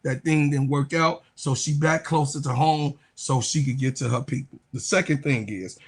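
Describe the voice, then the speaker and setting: Casting note: male co-host, husky voice, blunt and profane, casual sports banter. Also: medium pitch, fairly even intonation, moderate pace, hardly any pauses. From Chicago. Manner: blunt, profane, talks over himself.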